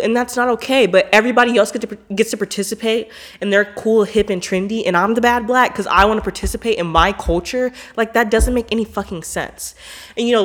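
A woman hosting a podcast in a casual monologue, blunt, emphatic and profane, filling her talk with "like". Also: on the low side. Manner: animated, with frequent "like" fillers. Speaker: podcast host.

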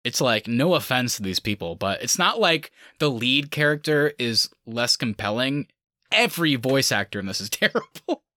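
A man co-hosting a podcast, chatting loosely with plenty of fillers and easy laughter. His voice is bright and forward, recorded close and dry with no room sound. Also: medium pitch, sing-song, moderate pace, no echo. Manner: laid-back, frequent fillers and laughter. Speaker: podcast co-host. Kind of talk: casual chat.

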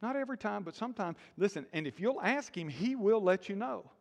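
A man preaching a sermon in a lively call-and-response style, with sudden loud bursts. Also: sits high, brisk, vocal fry. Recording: long hall reverb.

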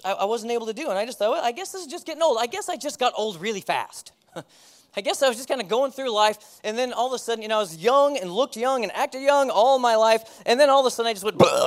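Man, 30s, pastor; high voice, candid self-deprecating testimony with easy laughs. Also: fast talker. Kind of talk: personal testimony sermon.

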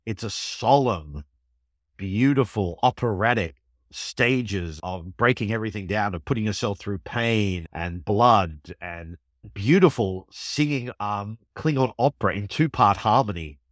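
A man, co-hosting a podcast and recapping an episode in an enthusiastic, animated way. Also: fairly low pitch, a little slow, no room sound, studio quality. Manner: enthusiastic, animated storytelling with laughs. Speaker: podcast co-host. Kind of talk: casual chat recapping an episode.

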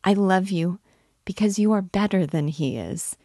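A woman reads an emotional young woman torn in love, who pleads and breaks off halfway through her sentences. The voice sits low and slow, with a gravelly edge. The sound is close and dry. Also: fairly even intonation, darkish tone, no room sound, heavily acted. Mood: impassioned. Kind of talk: dramatic reading of a novel.

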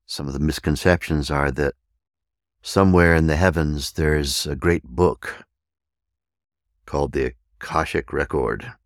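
A man hosting a podcast and teaching meditation, speaking deliberately and spelling out words letter by letter. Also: a bass voice, fairly even intonation, dry recording, studio quality.

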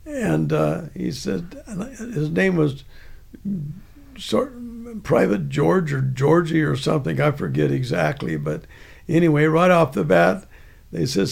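A man's voice: a little high, animated, slow, vocal fry, husky. An older man casually telling a rambling, chuckling anecdote from his army days. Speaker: veteran storyteller.

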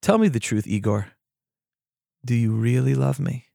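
A man voicing a hurt, quiet peasant friend. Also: mid-range voice, lively intonation, moderate pace, creaky, no echo, studio quality. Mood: pleading. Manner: quiet, reproachful.

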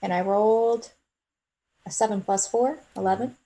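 A woman's voice: medium pitch, steady tone, normal speed, mellow. A woman playing a tabletop role-playing game, giving brief, matter-of-fact replies. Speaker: player.

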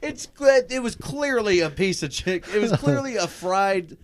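A man's voice: sits high, unhurried, dry recording. A man co-hosting a casual chat, retelling a story with lots of laughter. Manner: laughs often while telling stories, animated retelling. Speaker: podcast co-host.

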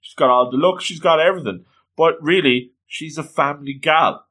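A man's voice: fairly high pitch, moderate pace, pushed and bright. A man reading a comic aloud and commenting, gushing with frequent exclamations. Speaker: comic reader and reviewer.

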